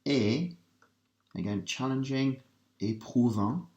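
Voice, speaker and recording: A man's voice: medium pitch, darkish tone, muffled recording. Man teaching in an echoey room. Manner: talks students through translations step by step, asking quick questions. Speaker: language teacher. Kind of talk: revision lesson walkthrough. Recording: roomy echo.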